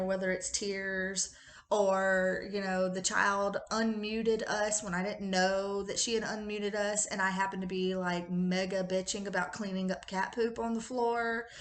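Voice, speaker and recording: A woman in her thirties telling a casual late-night story, animated, laughing often and swearing freely. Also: mid-range voice, roomy sound. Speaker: tarot reader and channel host.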